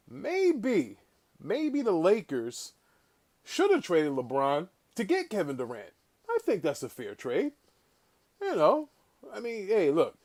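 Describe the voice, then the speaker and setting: A man hosting a casual livestream, talking in an animated way, swearing and calling out viewers in the chat. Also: high voice. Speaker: livestream host.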